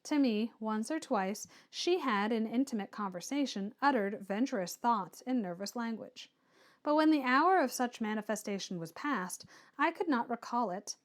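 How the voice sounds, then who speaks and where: Female audiobook narrator, measured storytelling delivery, a little high. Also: lively intonation. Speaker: audiobook reader. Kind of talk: reading a classic novel aloud.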